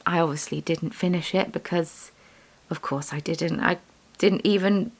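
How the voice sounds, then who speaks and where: A young woman with a lowish voice speaks at a moderate pace, chatting casually as she does bead weaving. The vlogger, who is also a yarn dyer and shop owner, rambles and pokes fun at herself.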